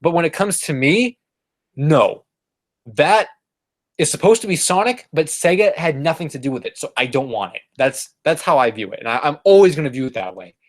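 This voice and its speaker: A man's voice: on the high side, expressive, normal speed. Rambling man chatting on a live stream. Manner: rambling, many fillers and restarts. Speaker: streamer answering chat. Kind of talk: casual live-stream chat. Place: apartment room.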